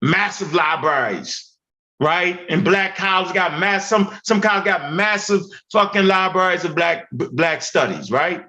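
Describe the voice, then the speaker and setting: A man with a Baltimore accent hosting an online talk show, animated and profane, talking in bursts with tag questions. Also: high voice, measured pace. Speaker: podcast host. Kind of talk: casual heated chat.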